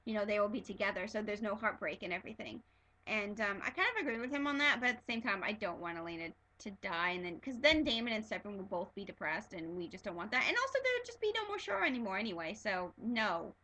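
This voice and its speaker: A woman excitedly reviewing a TV episode in a casual fan vlog, gushing and stumbling over fillers and restarts. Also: mid-range voice, fast, hardly any pauses, rough recording.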